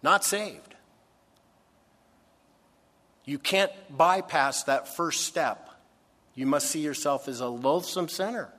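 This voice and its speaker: Earnest preacher in a reverberant hall. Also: male voice, fairly high pitch, fairly bright tone. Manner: earnest, emphatic preaching with dramatic pauses. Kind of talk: sermon. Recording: long reverb of a large hall.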